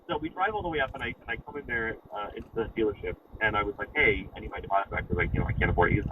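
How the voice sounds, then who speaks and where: A man of about twenty with a New York accent, calling in and telling a rambling story, swearing freely. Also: on the low side. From Long Island, New York. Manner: fast, animated, swears freely. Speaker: caller. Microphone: phone. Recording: muffled, distant phone call with noise.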